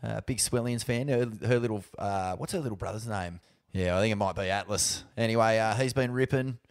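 A man's voice: lowish voice, fairly quick, smooth. An Australian man co-hosting a podcast in casual chat, laid-back, with fillers, restarts and swearing. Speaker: podcast co-host.

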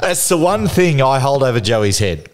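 A middle-aged Australian man, a guest in a casual interview, telling lively anecdotes and laughing through them. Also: medium pitch, normal speed, heavy background noise. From Newcastle, Australia.

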